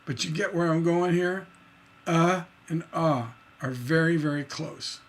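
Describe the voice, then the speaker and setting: A man's voice: a little high, a little slow. A man teaching songwriting on a livestream, enthusiastic and singing rhythm syllables to show his points. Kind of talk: livestream lesson.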